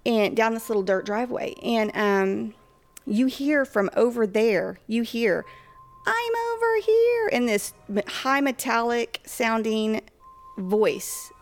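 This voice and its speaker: A woman's voice: a little high, takes it slowly. A woman casually telling a ghost story from her own life, chatty and full of fillers. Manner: chatty, with frequent fillers and acted-out quotes.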